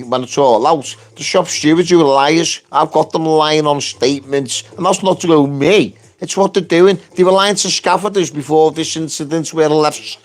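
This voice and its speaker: A man rants on a live stream about work and the people above him, swearing constantly. His delivery is blunt and combative, and his voice is somewhat higher than most men's. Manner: ranting, heavy swearing, blunt. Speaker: construction worker and union activist. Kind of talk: angry live-stream rant.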